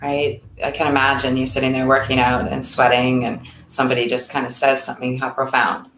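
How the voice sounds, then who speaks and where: A woman's voice: rumbling low, flat delivery, fairly quick, a bit bright, roomy sound, slight background noise, poor audio. A woman co-hosting a casual talk on mental health in a reflective, encouraging way. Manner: reflective, encouraging, speaks in lists. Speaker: co-host.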